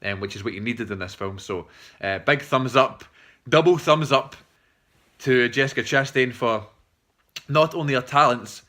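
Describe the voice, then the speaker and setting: A young man talks through a film review off the cuff, rambling and swearing as he goes. His voice is bright and forward, and he stops often for fillers and restarts. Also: medium pitch, moderate pace. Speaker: film reviewer, channel host. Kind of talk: casual unscripted film review.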